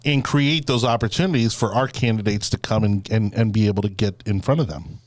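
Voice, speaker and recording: A man's voice: on the low side, fairly quick, no echo. A man hosting a casual political podcast chat, rambling with lots of fillers and restarts. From Florida. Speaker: podcast host.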